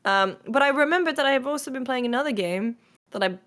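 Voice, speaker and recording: Woman co-host; chatty, lively, ranting with a smile. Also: sits high, fast. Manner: chatty, animated, cheerfully ranting. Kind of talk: casual chat.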